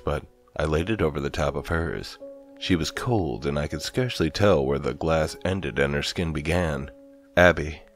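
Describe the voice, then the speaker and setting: A man with an extremely deep voice reads a horror story aloud. He is slow, grave and dramatic, and each line is carefully scripted. Faint music plays behind him. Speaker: narrator.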